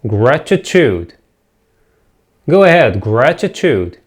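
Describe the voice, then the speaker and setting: A man's voice: mid-range voice, big pitch swings, slow. A man teaching English pronunciation, repeating each word and asking learners to say it back after him. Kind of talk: pronunciation drill lesson.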